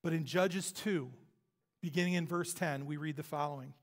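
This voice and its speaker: Male preacher, high pitch, storytelling delivery with long reverb from the sanctuary. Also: fairly even intonation. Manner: storytelling, emphatic pauses. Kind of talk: sermon. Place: church sanctuary.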